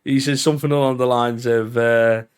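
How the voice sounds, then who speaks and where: A man's voice: mid-range voice, steady tone, normal speed, smooth. A man co-hosting a podcast in casual chat, laid-back and sweary, who laughs often. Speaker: podcast co-host.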